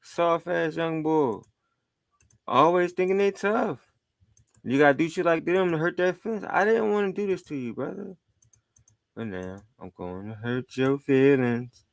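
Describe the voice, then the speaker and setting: A man's voice: on the high side, lively intonation, unhurried, gravelly, no room sound. A man hosting a podcast, giving heated commentary on played clips and taunting the people in them. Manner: taunting, scolding listeners. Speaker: podcast host.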